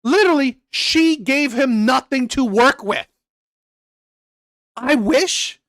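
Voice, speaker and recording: A man's voice: very high voice, a little slow, a bit bright, dry recording. A man hosting a reaction channel, ranting with heavy profanity and repeating himself. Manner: profane, heated, repetitive.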